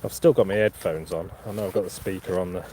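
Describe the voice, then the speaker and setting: Man, Norfolk accent, lowish voice, casual live-stream chat, open field, outdoor noise. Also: fairly even intonation, quick pace. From Norfolk, England. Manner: chatty, answers viewer chat, chuckles often. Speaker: metal detecting channel host.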